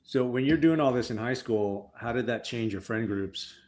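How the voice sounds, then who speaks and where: A man's voice: mid-range voice, normal speed, a little mellow. A man hosting a casual interview, asking the guest short, easygoing follow-up questions. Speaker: podcast host interviewer.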